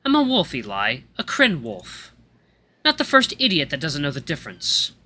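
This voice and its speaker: A man voicing a young male wolf grandmaster who lectures in a calm, monotone way. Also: on the high side, moderate pace, full character voice. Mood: cool.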